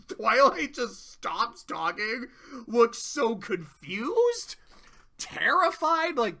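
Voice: mid-range voice, slow. A cartoon reviewer in casual commentary, rambling and swearing freely while retelling an episode. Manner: profane, rambling, animated.

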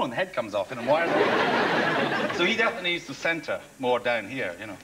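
Ein Mann in seinen Dreißigern, Schauspieler und Komiker, als Gast in einer Talkshow. Er plaudert schnell, sprunghaft und lebhaft. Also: male voice, medium pitch, heavy background noise. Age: 30s. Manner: quick, jabbering, animated. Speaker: actor and comedian guest. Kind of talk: talk-show chat.

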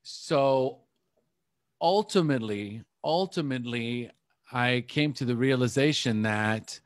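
Guy coaching over a video call, candid confessional storytelling, mid-pitched voice, dry sound. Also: dry recording. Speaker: life coach. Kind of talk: personal story told to a group call.

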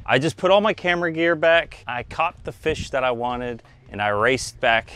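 A man hosting a fishing channel, talking casually to the camera from a small boat and later from his dock, excitable when fishing and calmer and chatty when cooking. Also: medium pitch, moderate pace, heavy background noise. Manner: excitable, yells and laughs when a fish bites; calm and chatty back at the dock. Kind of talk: casual vlog narration. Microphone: camera mic, later with a wind cover.

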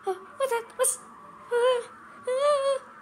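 A woman voicing a squeaky, cheerful male cartoon mouse who rambles nervously while reacting to a video, breaking into frantic yelps. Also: steady tone, drawn-out words, slight background noise, heavily acted. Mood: panicked. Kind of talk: in-character reaction commentary.

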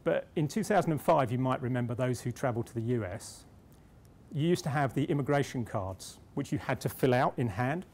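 A man's voice: mid-range voice, expressive, fairly quick, a little mellow. A middle-aged British man speaking at a conference, telling a self-deprecating story with restarts before turning to his point. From Britain. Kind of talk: conference speech with anecdote. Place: conference hall.

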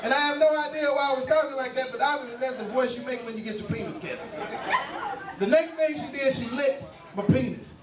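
A man's voice: very high voice, brisk. A man doing a crude stand-up set, telling stories and quizzing the crowd in a live comedy lounge, picked up from a distance. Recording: echoey club from far mic with crowd noise.

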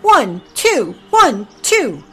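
A woman's voice: high-pitched, huge pitch swings, drawn-out words, a bit bright, soft background music, pitched above the performer's own voice, full character voice. A woman voicing a cheerful, take-charge young female rat in a storybook reading. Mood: rallying. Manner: upbeat, commanding, counting aloud.

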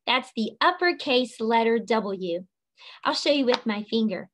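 A woman's voice: a little high, animated, moderate pace. A woman teacher giving a children's phonics and handwriting lesson, patient and sing-song, drawing out each letter sound.

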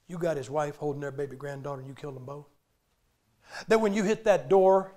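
Animated higher-voiced preacher. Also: male voice. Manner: animated storytelling, acting out quotes with sudden loud outbursts. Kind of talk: sermon.

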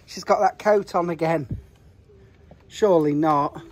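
A middle-aged man chatting casually to camera in a family vlog, teasing his kids and pets. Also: measured pace. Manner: chatty, teasing, lively swings into high sing-song voice with pets and kids. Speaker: vlogger, father. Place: home garden outdoors.

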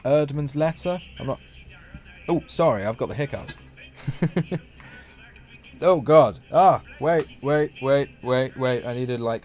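A man's voice: medium pitch, a little mellow. A man giving chatty, rambling let's-play commentary as a gaming channel host, joking and laughing often.

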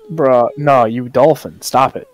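A man's voice: medium pitch, steady tone, a little slow. A young man on a headset voice call, teasing his friend and laughing often. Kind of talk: casual chat on a call.

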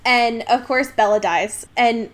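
Woman, podcast co-host, casual book chat, giggly, animated, fairly high voice. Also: takes it slowly. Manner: giggly, animated, lots of fillers.

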